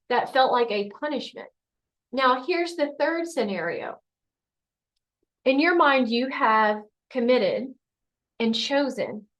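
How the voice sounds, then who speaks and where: Middle-aged woman doctor, higher-pitched voice, easy conversational coaching delivery that slips into little acted-out scenes. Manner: conversational, acts out scenarios in quoted voices. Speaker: functional medicine doctor. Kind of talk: motivational health coaching talk.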